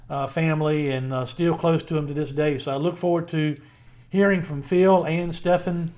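A man's voice: fairly high pitch, a little mellow. A middle-aged man with a Southern Virginia accent, co-hosting a casual podcast chat in a rambling, friendly way with many fillers. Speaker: podcast co-host.

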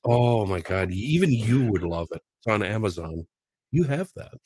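A man co-hosting a podcast, excitable and jokey in casual banter. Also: lowish voice, normal speed, slightly rough. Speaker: podcast co-host.

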